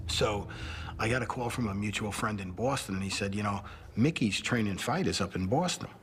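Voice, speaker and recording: A man's voice: on the low side, fairly quick, slight background noise. A man reflectively recounting memories in an interview. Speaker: interviewee, family friend. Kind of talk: casual recollection. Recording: interview with music behind.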